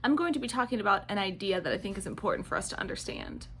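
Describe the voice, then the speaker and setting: A woman teaching kindergartners in a video lesson, speaking slowly and clearly in an encouraging way. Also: mid-range voice, lively intonation, a bit bright, slight background noise. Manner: slow, clear and encouraging, acting out children's voices. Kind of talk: video lesson for young children.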